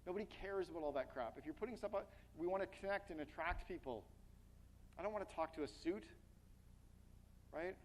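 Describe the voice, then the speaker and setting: A man giving an energetic, blunt business keynote to a live audience, speaking to them directly and asking them questions. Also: high-pitched, fairly quick, long pauses, a little hiss or hum, poor audio.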